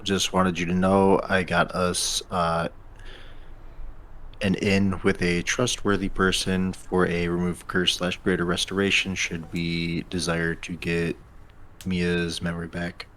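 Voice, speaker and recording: A man's voice: low voice, completely flat delivery, measured pace, a bit bright. A man playing a tabletop game, speaking hesitantly with fillers. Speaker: player. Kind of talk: casual tabletop play.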